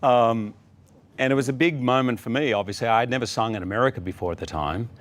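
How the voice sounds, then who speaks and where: A middle-aged Australian man appears as a talk-show guest, telling a casual anecdote in a relaxed, animated way and acting out the people he quotes. His voice sits at a medium pitch and moves at a quick pace.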